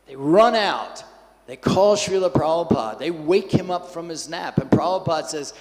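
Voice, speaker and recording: A man giving a scripture class in a temple hall, telling an anecdote in a lively way and acting out the quotes. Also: on the high side, moderate pace. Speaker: class speaker.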